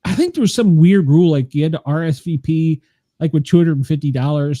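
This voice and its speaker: A man hosts a casual podcast chat with a mellow, darker voice. He is gossipy and swears freely, laughing as he goes. The sound is close and dry. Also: on the high side, fast talker, dry recording. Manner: profane, laughs often, gossipy. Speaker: podcast host.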